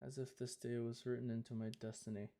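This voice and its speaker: A woman streamer voicing the lawyer in a game, expressive and swearing freely. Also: rumbling low, fast. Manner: expressive, swearing, laughs at herself. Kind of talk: live-stream game dub reading.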